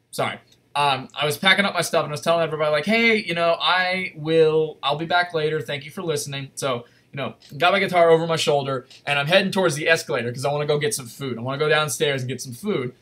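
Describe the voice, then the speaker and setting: A man telling a casual, rambling story on a convention panel, full of fillers and laughs, with high animated voices for the people he quotes.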